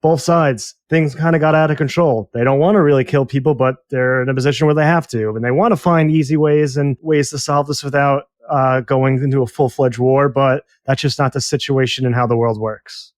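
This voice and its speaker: A man with a mid-range voice co-hosts a casual podcast review. He speaks thoughtfully and in a measured way, now and then restarting a phrase. The recording is dry, with no echo around him. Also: medium pitch. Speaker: podcast co-host.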